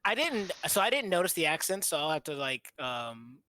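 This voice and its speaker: A young man co-hosts a casual film chat, thinking aloud and circling his points with fillers. His voice is bright and forward, recorded close and dry. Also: on the high side, very animated, normal speed, no echo. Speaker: podcast co-host.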